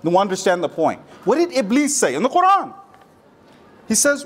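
Guy giving a sermon, super animated voice, keeps asking rhetorical questions. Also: high-pitched, brisk. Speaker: religious speaker. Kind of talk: sermon to a congregation.

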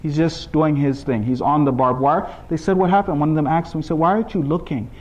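A man preaching a sermon to a congregation, emphatic, reciting scripture in Arabic and climbing to high exclaiming peaks. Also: fast, muffled recording. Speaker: speaker at a religious gathering.

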